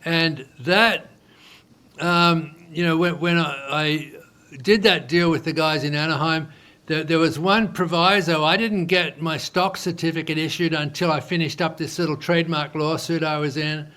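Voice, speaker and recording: A man's voice: a little high, normal speed. A man telling his business story casually in an interview, in loose speech with many fillers. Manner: animated storyteller who acts out quoted dialogue. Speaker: entrepreneur guest.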